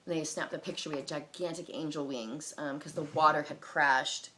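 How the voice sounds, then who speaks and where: A woman's voice: sits low, fairly even intonation, normal speed, fairly bright tone, a little hiss or hum. A woman in her thirties telling a personal story in a casual, rambling way, full of fillers and restarts. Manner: rambling, filler-heavy, many restarts and likes. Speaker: personal testimony vlogger.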